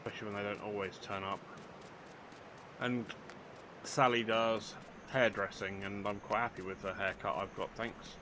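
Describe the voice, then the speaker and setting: A man's voice: fairly low pitch, level tone, moderate pace, long pauses, noisy background. An older man, chatting casually through a let's play, joking at his own expense. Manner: chatty, self-mocking, dry humour, talks to game characters. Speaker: gaming channel host.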